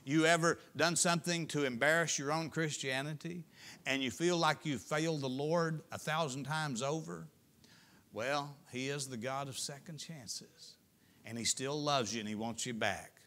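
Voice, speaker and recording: A middle-aged male pastor preaching a sermon in a folksy storytelling way, rising to loud peaks and dropping to hushed lines. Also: mid-range voice, a little slow. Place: church sanctuary.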